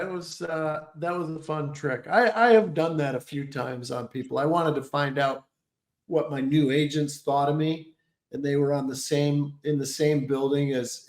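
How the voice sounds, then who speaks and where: A man, a comedian guest from Detroit, telling animated stories and slipping into voices. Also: medium pitch, moderate pace. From Detroit, Michigan. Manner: animated, lots of voices and laughs. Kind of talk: storytelling with impressions. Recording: roomy echo.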